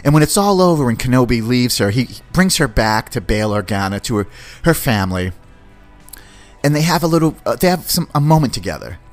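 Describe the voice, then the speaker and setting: A man hosting a podcast, giving an excited, slangy, rambling review of a series. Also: medium pitch, brisk, faint music behind. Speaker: podcast host. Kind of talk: casual film review.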